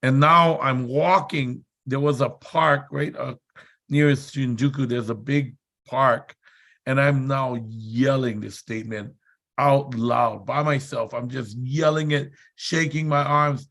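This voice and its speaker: A man's voice: medium pitch, fairly even intonation, slow. A man speaking at a seminar, telling a motivational story with emphatic, repetitive build-ups and dramatic delivery. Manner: dramatic, acts out shouted quotes.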